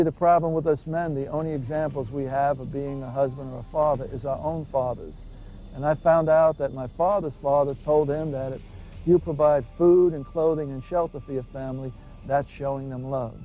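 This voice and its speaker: A man's voice: fairly high pitch, mellow. A man who is a minister gives an earnest personal testimony, retelling his past with dramatic voiced dialogue. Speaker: former gangster turned minister giving testimony. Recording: dull lo-fi recording with faint music.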